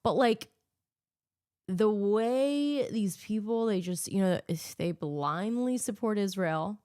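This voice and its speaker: A woman's voice: mid-range voice, lively intonation, takes it slowly, warm tone, clear, resonant tone, dry recording, clean studio sound. A woman hosting her own podcast, ranting solo in a sarcastic, profane, opinionated way. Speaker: podcast host.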